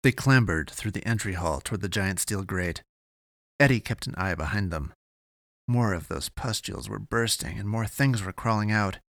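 A man giving steady, measured scripted narration of an audiobook. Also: on the low side, creaky, no room sound, studio quality.

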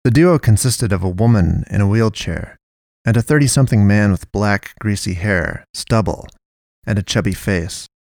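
A man narrating a dark story in a steady, measured way, voicing the characters' lines as he reads. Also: fairly low pitch, no echo, clean studio sound. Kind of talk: audiobook-style story narration.

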